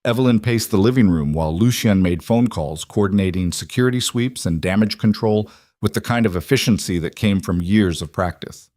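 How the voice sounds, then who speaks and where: A man reading a mafia drama as scripted narration, measured and even. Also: fairly low pitch, dry recording, studio quality.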